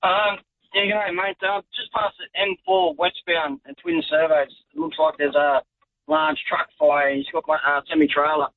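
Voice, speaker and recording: A man's voice: high voice, very animated, moderate pace, gravelly, no echo. An Australian man calling in to a radio show to report a traffic incident, speaking hesitantly with fillers. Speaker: radio caller. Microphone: phone. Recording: tinny phone line.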